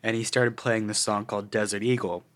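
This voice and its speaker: A young man with a low voice talks on a podcast. He tells an easygoing story with relaxed pauses and some hesitation. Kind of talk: casual chat.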